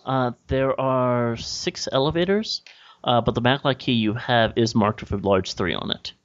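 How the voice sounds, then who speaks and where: A man's voice: mid-range voice, normal speed, no room sound. Casual male game master. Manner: casual, filler-heavy scene description. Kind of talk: narrating a tabletop game. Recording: dull lo-fi dry recording.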